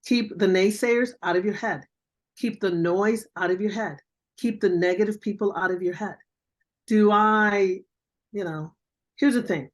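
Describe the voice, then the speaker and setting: A woman's voice: medium pitch, unhurried. An older woman, a veteran journalist, giving blunt, emphatic career advice as a guest on an online mentoring interview over a video call.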